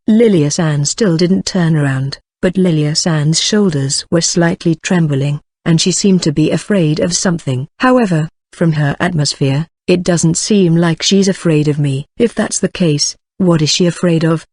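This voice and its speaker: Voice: mid-range voice, normal speed, hardly any pauses, darkish tone, no room sound, studio quality. Synthetic audiobook narrator reading punctuation aloud. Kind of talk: flat read-aloud of a light novel.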